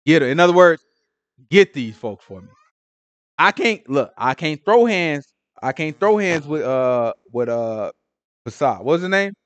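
A man leading a conversational Bible study, animated and talking, acting out prayers in hushed or loud voices. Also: a little high, a little slow, no echo. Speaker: Bible teacher. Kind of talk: conversational scripture teaching.

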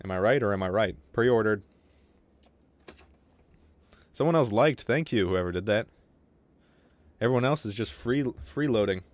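A young man commentating his game on a livestream, excitable and swearing, with quick outbursts of frustration. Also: fairly low pitch, no echo. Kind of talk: casual gaming livestream commentary.

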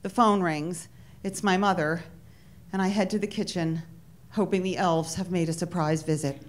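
A woman's voice: fairly low pitch, steady tone, normal speed. A woman comedian telling a story on stage. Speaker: stand-up comedian. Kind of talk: stand-up storytelling.

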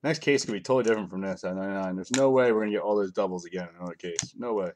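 A man's voice: low voice, very fast, darkish tone, a little hiss or hum. A man hosting a live card break from home, rambling casually as he calls out each card he pulls. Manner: rambling and chatty, calling out cards as he opens packs. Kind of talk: casual live-stream commentary.

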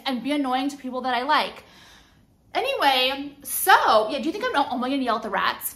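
A woman's voice: sits high, very animated, a little fast, fairly bright tone. A young woman vlogging to camera, ranting heatedly with lots of swearing and filler words. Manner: profane, heated ranting with frequent "like". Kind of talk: casual rant to camera.

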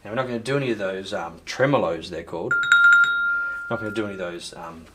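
A man's voice: low-pitched, fast, very noisy. A man teaching a recorded percussion lesson, explaining technique patiently and counting in before calling out patterns. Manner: calls out sticking patterns loudly over drumming, then explains calmly. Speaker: music teacher. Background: drum playing.

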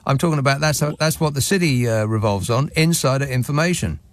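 A man's voice: mid-range voice, lively intonation, fairly quick, no room sound. Dry, sardonic male radio host. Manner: dry, sardonic, wry asides. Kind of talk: talk radio phone-in. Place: radio studio. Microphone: studio microphone.

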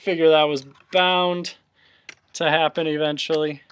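A man's voice: fairly high pitch, flat delivery, unhurried, fairly bright tone, a little hiss or hum. A man teaching a remote cursive handwriting lesson, explaining each stroke patiently, step by step.

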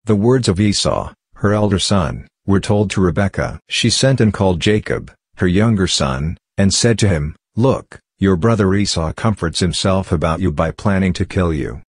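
Male scripture reader, very low voice, measured and even delivery. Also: breathy edge, dry recording, clean studio sound. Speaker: Bible reader.

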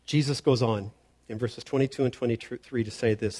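A man's voice: medium pitch, a little fast, warm tone. A man preaching a sermon as pastor, earnest and emphatic, often stammering on the start of a word. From Canada.

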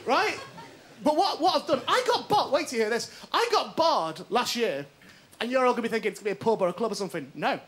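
High, lively comedian. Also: male voice, fast talker, a faint crowd. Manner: animated, self-mocking storytelling with frequent "right?". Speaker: stand-up comedian. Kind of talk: stand-up comedy set. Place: TV studio stage before an audience.

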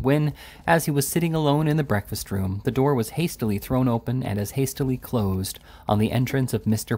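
A man's voice: mid-range voice, darkish tone. Man reading a classic novel aloud. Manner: measured, deliberate, with occasional restarts. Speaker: reader. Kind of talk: audiobook narration of a classic novel.

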